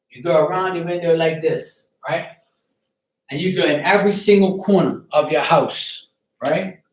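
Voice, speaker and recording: A man with a high, darkish voice hosts a casual live chat show in an echoey room. He advises a viewer emphatically and repetitively, cursing freely and checking in with "right?" over and over.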